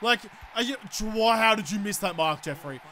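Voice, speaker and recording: A man's voice: high-pitched, lively intonation, normal speed, bright, forceful tone, slight background noise. An Australian man commentating his own football video game, ranting and swearing at his players with bursts of sarcastic politeness. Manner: exasperated, swearing rants at the game. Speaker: gaming YouTuber. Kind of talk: let's play commentary.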